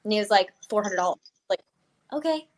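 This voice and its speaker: A young adult woman chatting as a guest, telling an animated story full of "I was like" and laughs. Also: mid-range voice, a little fast. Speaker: guest wrestler. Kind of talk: casual chat, storytelling.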